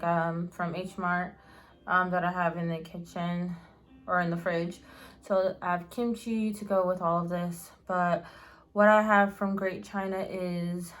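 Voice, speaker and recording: A young woman hosting a casual eating show at home, rambling and chatty with lots of fillers, talking between bites. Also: on the low side. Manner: rambling, chatty, many fillers and restarts, eats while talking. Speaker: mukbang vlogger.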